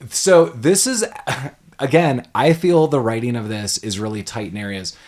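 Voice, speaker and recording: A man co-hosting a podcast, recapping a movie in casual chat and acting out scenes in quick quoted voices. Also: mid-range voice, darkish tone. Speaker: podcast co-host.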